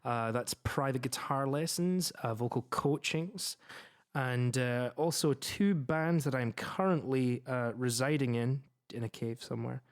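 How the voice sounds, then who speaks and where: A man with a mid-range voice co-hosts a casual podcast. He laughs often and spells things out slowly and carefully. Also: medium pitch. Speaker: podcast co-host, musician. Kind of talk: casual chat.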